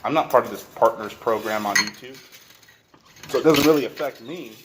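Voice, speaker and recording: A man in a workshop rants straight to camera in a voice of ordinary middle pitch. He rambles, stumbles over restarts and swears freely. Steady clinks and clatter of metal and dishes run clearly behind him. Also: fairly quick, roomy sound, heavy background noise. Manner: rambling, profane, repeats and restarts. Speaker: vlogger. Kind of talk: rant to camera.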